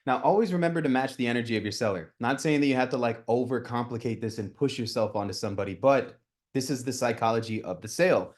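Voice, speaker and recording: A man in his thirties coaching a live group on real estate cold calling, energetic and talking with his hands, often checking in with "right?". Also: mid-range voice, fast talker.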